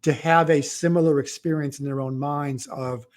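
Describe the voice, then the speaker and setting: A man, an author, chatting in an easygoing, halting way on a livestream. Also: on the high side, steady tone. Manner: easygoing, halting, frequent agreeing yeahs. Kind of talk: casual livestream conversation.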